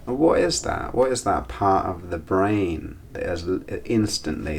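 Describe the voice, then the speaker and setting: A man's voice: deep voice, vocal fry, slight background noise. A man hosting his own channel, telling a rambling, reflective story in a casual monologue with asides. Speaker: channel host.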